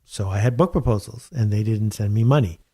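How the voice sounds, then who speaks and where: A man being interviewed as a guest author. He tells stories in an animated, wry way and leans on emphatic repetition. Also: on the low side, fairly quick, breathy edge. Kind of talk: conversational interview. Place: home studio.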